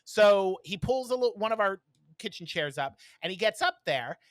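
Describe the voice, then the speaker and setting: A man co-hosting a podcast, telling stories in casual chat with lots of ums and quick laughs. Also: high voice, expressive, dry recording. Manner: storytelling with many fillers and laughs. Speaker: podcast co-host.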